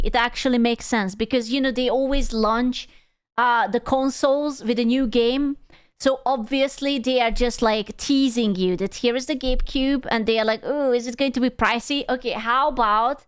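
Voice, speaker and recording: A woman streamer reacting to a video in casual, excitable commentary, full of exclamations and swearing. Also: a little high, smooth, dry recording, clean studio sound.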